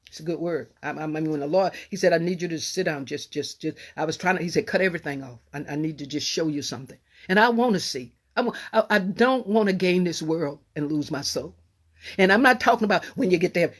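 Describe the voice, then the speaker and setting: Emphatic folksy woman preacher. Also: lowish voice. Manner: folksy and emphatic, swinging from soft asides to raised cries. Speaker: pastor. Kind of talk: sermon.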